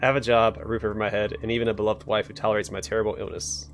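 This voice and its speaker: A man's voice: on the low side, flat delivery, racing, slight background noise, natural voice. A man voicing a nervous male clerk who has verbal tics and talks in a stammering, apologetic way, in a game.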